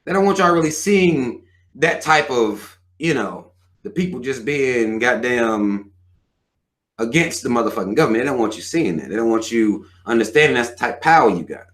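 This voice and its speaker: A man's voice: mid-range voice, animated, normal speed, fairly bright tone. A man in his thirties hosting a live show, ranting bluntly and with plenty of profanity. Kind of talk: livestream rant.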